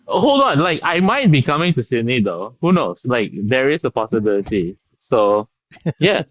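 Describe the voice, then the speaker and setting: A man's voice: medium pitch, big pitch swings, normal speed, no room sound, highs cut off. A man chatting as an interview guest, easygoing and peppering his talk with "like". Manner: easygoing, uses "like" a lot. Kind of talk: casual interview chat. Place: Taiwan.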